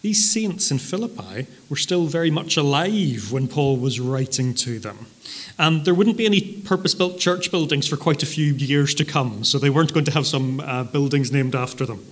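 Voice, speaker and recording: A man preaching a sermon, explaining a passage in a measured teaching manner, with occasional fillers and stressed repetitions. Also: fairly high pitch.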